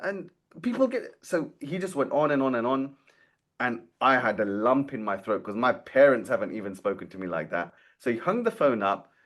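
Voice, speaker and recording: In a storytelling interview, a dental marketing founder in his forties speaks in a mid-range voice at a moderate pace. As a podcast guest he recounts his career with animation, performing the dialogue he quotes.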